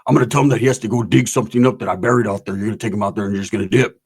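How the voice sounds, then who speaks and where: A man doing Roach, a low-voiced drawling hustler. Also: breathy edge. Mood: scheming. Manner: slow drawl, keeps saying brother. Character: laid-back drug-dealing man who calls everyone brother.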